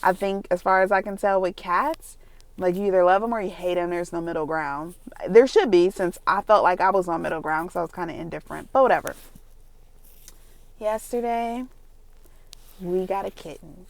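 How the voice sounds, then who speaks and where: A young woman vlogger tells family stories while she decorates her planner. She acts out the people she quotes and sometimes drops to a soft, near-whispered voice. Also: lowish voice, moderate pace, creaky. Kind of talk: casual storytelling over planner decorating.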